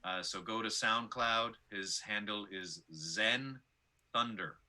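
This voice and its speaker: A middle-aged man talks in a dry, self-mocking deadpan, with plenty of hesitant fillers. His voice sits a little low yet sounds strikingly bright and forceful. He is a stand-up comedian trading banter as a guest on a chat show. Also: takes it slowly.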